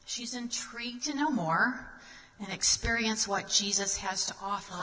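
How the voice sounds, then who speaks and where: A woman's voice: mid-range voice, measured pace, bright, forceful tone, in a large hall, rough recording. A woman guest speaker giving a sermon, reading scripture aloud and asking the listeners earnest questions.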